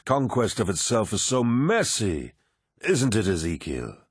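A man's voice: big pitch swings, a little slow, slightly rough, no echo, clean studio sound, full character voice. A man voicing a towering, jovial demigod warlord in an audiobook, genial and commanding as he addresses his troops. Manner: genial, booming, warmly commanding. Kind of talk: audiobook character voice.

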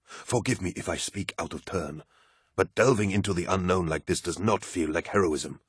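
A man's voice: deep voice, normal speed, husky, no echo, clean studio sound. A man voicing a cautious, deferential male ship captain in an audiobook reading, objecting politely and earnestly. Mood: worried.

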